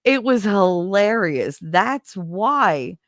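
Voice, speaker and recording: A woman hosting a casual stream chat, telling stories in an animated way and laughing often. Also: medium pitch, drawn-out words, no room sound, clean studio sound. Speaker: streamer host.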